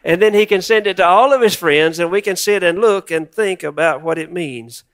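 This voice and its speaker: A preacher voicing an eager, chatty disciple. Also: male voice, high voice, normal speed. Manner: eager, excited.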